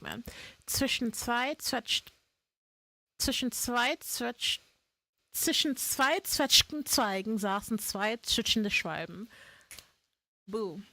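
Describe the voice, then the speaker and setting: A woman's voice: on the high side, sharp tone. A woman streaming live in casual chat, playful, laughing often and swearing freely.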